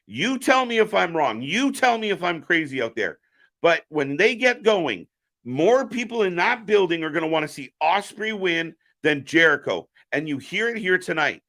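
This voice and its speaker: A man's voice: a little high, big pitch swings, moderate pace, sharp tone. A man hosting a live reaction stream, giving opinionated, profane commentary.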